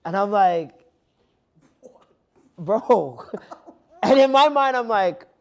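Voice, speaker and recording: A young man guesting on a podcast, telling animated stories in casual chat, swearing freely and calling people "bro.". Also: high voice, measured pace, clean tone. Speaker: podcast guest and stand-up comedian. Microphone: clear guest mic.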